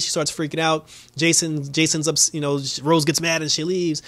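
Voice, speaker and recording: A man's voice: on the high side, flat delivery, normal speed, a bit bright, no echo. A man casually recapping a TV episode, talking loosely with many fillers and breaking into laughter now and then. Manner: loose, lots of fillers, laughs often, acts out quotes. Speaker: show reviewer.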